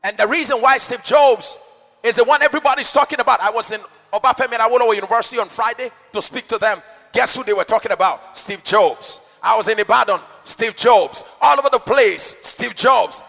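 High, bright-voiced preacher. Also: male voice, a little fast, gravelly, big-room sound, soft background music. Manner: dynamic, rhetorical, swings between shouting and soft asides. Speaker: pastor. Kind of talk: sermon.

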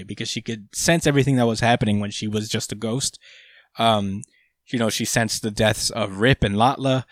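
A man's voice: mid-range voice, no echo, studio quality. A young man co-hosting a casual podcast, recapping a manga chapter in a rambling way with lots of fillers. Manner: rambling, filler-heavy retelling. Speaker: podcast co-host.

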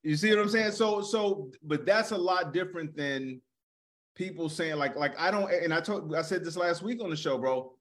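A man in casual comedic podcast chat with a somewhat high voice. He talks animatedly and stacks restarts, "I, I" and "you, you", before landing his point. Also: moderate pace. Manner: animated, repeats words when starting a thought.

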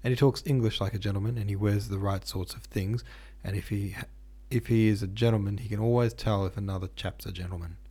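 A male narrator voices a serious young Englishman who hates being laughed at. He answers crossly and in earnest. The tone is low and dark. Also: steady tone, brisk, hardly any pauses, breathy edge. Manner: earnest, easily offended.

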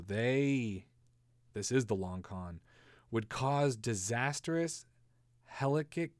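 A man's voice: mid-range voice, dry recording. Dry-miked man riffing on a comedy podcast. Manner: rambling, sarcastic, laughs at own jokes; swears casually, slips into silly voices. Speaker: podcast host.

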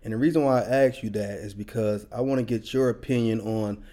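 A man's voice: on the low side, a little fast, dark tone. A man hosting a casual podcast chat, laid-back and agreeable, often backing his co-host up.

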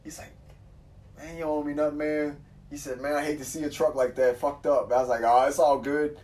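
A man telling a wild, profane story in casual chat, acting out the quotes loudly. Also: a little high, flat delivery, fairly quick. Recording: voice from far off the mic.

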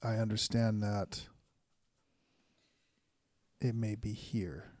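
Guy playing a formal high cleric, low dry voice, measured. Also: fairly even intonation, darkish tone, dry recording. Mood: earnest formal.

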